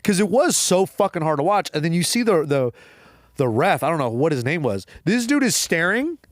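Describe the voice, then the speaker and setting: A man co-hosting a casual sports podcast, talking in an excitable way and swearing freely. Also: fairly high pitch, normal speed, no room sound, studio quality. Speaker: podcast co-host. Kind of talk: casual chat.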